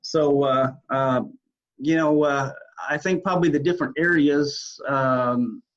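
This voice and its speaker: A man who owns a wedding DJ business, answering interview questions in a halting way, full of fillers and restarts. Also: a little high, fairly even intonation. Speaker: wedding DJ business owner, guest. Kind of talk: casual interview talk. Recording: dull lo-fi sound.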